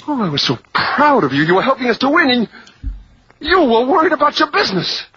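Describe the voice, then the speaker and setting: A man's voice: very high-pitched, big pitch swings, fairly quick, bright, forceful tone, full character voice. An actor playing a young soldier son who is anguished and bitter at his father, in a 1940s film drama. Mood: accusing. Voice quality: husky, impassioned. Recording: dull old film soundtrack.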